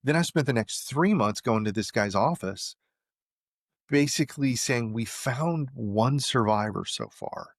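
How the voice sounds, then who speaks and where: A creaky-voiced interview guest with medium pitch speaks a little slowly, his casual story captured in clean studio sound with no room tone. He animatedly acts out what the people he quotes said.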